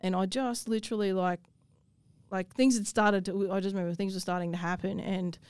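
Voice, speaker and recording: Aussie woman telling her story straight, swears a lot, smooth voice, dry mic. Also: medium pitch, fairly even intonation, brisk, a little mellow, no echo. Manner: blunt, swears freely, emotional storytelling. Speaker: guest. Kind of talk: personal story in interview.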